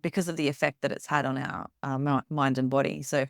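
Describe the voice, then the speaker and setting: Woman, podcast host, low voice, earnest and agreeable, dry close mic. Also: steady tone, a little fast, gravelly, no room sound. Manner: earnest, agreeing, asks follow-up questions. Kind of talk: interview conversation.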